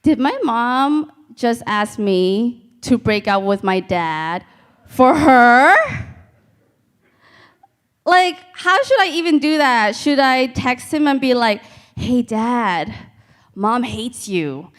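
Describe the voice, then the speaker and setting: Woman, stand-up comedian, slow delivery, deadpan storytelling, live stage. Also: high-pitched, smooth. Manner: deadpan storytelling with crowd asides.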